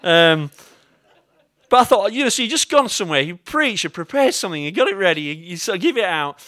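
English pastor preaching in a relaxed, chatty way. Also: male voice, sits high, a little fast, no room sound. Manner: chatty storytelling with self-mocking humour; addresses the congregation directly. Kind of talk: sermon.

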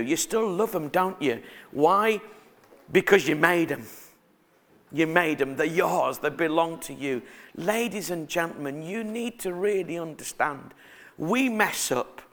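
A middle-aged man with a fairly high-pitched voice preaches to a congregation, asking them questions. He relates family stories in a chatty, spirited way.

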